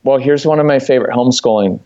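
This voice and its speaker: A man in casual chat giving parenting advice, lively, acting out what he tells his kids. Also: mid-range voice, quick pace, muffled recording.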